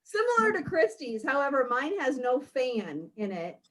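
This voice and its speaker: A woman co-hosting a casual chat, upbeat and quick to agree. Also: high-pitched, huge pitch swings, low-quality recording. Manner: upbeat, affirming. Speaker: co-host.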